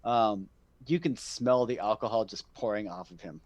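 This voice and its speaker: A man narrating as game master of a tabletop role-playing game, speaking haltingly with many ums and restarts. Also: on the low side, animated, highs cut off.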